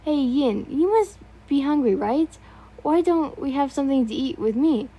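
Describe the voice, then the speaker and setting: A woman voicing a gentle, protective young man who speaks softly and earnestly. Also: high-pitched, animated, moderate pace, voice pushed up.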